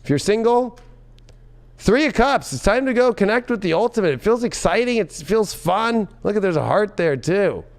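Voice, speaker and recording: A man giving a tarot reading in an excitable, loud and profane way, often breaking into laughter. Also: high-pitched, normal speed. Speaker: tarot reader.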